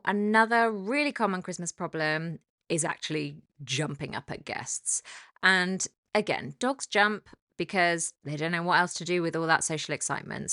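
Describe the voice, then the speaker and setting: A woman dog trainer giving a calm, explanatory talk on training, turning lively when she acts out the dog. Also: medium pitch, no room sound, studio quality. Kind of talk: instructional talk.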